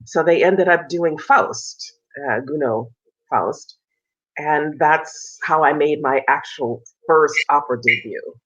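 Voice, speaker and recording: A woman in her fifties, an opera singer and interview guest, telling stories in a lively way and acting out the voices of people she quotes, heard over a video call. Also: deep voice, slow. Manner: animated storyteller, acts out quoted voices. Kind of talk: casual interview storytelling. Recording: muffled video call audio.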